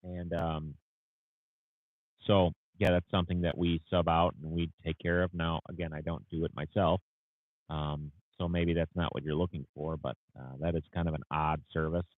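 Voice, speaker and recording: Tired low-voiced man on a tinny line. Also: flat delivery, normal speed, no room sound. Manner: rambling, tired, with many fillers and restarts. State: tired, yawning. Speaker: landscaping business owner hosting a livestream. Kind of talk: casual livestream Q&A. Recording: tinny phone-like audio.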